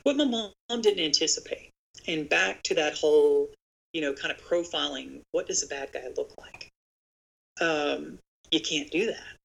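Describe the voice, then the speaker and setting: Podcast guest, earnest storyteller, some vocal fry, talks straight to the audience. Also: mid-range voice, measured pace, a bit bright, low-quality recording. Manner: earnest, speaks directly to listeners. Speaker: podcast guest speaking on real estate agent safety. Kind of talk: conversational storytelling.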